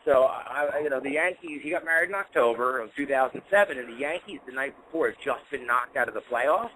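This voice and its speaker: Fast and animated, a male co-host of a laid-back online talk show launches into long stories thick with fillers, his mid-range voice pushed and bright. The recording is low quality, coming over an internet radio call with faint background noise.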